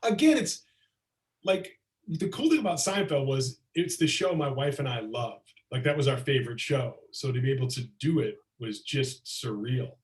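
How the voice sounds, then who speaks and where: A middle-aged man telling lively anecdotes as a comedian guest, slipping into acted-out quotes, on a video call. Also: mid-range voice, normal speed. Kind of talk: casual storytelling chat. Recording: roomy echo, far from mic.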